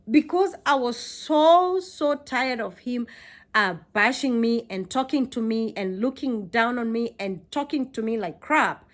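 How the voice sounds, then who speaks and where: A young woman from Kenya telling a personal story to camera in a casual, animated way, repeating phrases for emphasis. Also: on the high side. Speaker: vlogger.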